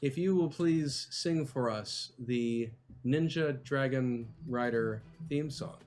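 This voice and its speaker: A man's voice: mid-range voice, slow pace, a little mellow. Upbeat man running a tabletop game. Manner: upbeat, rambling narration with fillers. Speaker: game master.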